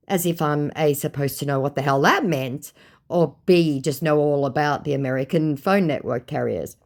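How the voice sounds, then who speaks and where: Sarcastic Australian woman with a lively voice. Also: low voice, normal speed. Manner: dry, sarcastic, deadpan asides. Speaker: scam-baiting vlogger. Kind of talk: casual sarcastic narration of chat messages.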